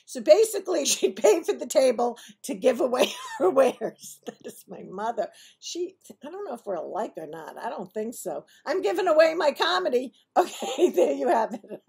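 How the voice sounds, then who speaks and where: A woman's voice: a little high, very animated, moderate pace, gravelly, hardly any pauses, darkish tone, slightly rough. A woman telling a personal story to her audience in a chatty, digressive way, often laughing through her punchlines. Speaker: vlogger telling personal stories. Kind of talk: casual storytelling to camera.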